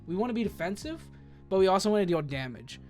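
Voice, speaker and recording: A man's voice: high voice, big pitch swings, fast talker, darkish tone, faint music behind. A man giving casual, rambling commentary as he builds a competitive team, thinking aloud and correcting himself with lots of fillers.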